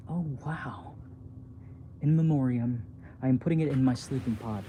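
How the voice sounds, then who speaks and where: A man reading his own book aloud as a bedtime story, softly and haltingly, with small slips. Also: mid-range voice, slight background noise.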